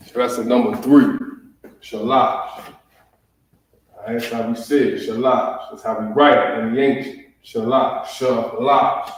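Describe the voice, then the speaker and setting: A man's voice: medium pitch, recorded from a distance. A man with a Southern US accent teaching a livestreamed class, repeating words and checking in with listeners. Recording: echoey room, voice from off the mic.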